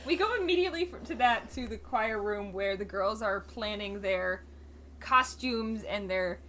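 A woman co-hosting a podcast, chatting casually and recapping a TV episode, quick and wry, acting out lines she quotes. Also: mid-range voice, fairly bright tone, slight background noise. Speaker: podcast co-host.

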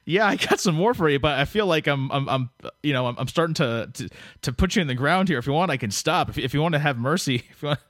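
Fast-talking and expressive, this man's voice is fairly high and a bit bright, captured at studio quality with no echo. As a podcast host in a casual interview, he rambles, cracks jokes, and keeps restarting amid many fillers.

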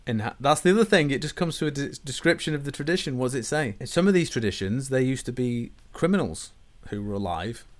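A man, hosting a conversation and explaining ideas in a measured way, often dropping low and quiet at the ends of phrases. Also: animated. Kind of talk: conversational discussion.

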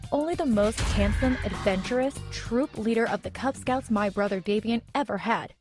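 A woman's voice: a little high, normal speed, darkish tone, faint music behind. A young woman narrating a first-person story in a chatty, dramatic way. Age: young adult.

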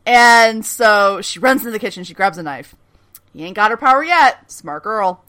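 A woman's voice: medium pitch, normal speed. A woman co-hosting a casual podcast, recapping a TV episode with swearing and lots of laughs. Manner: animated, swearing, laughing often, acting out characters' lines. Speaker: podcast co-host recapping a TV series. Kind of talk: casual chat.

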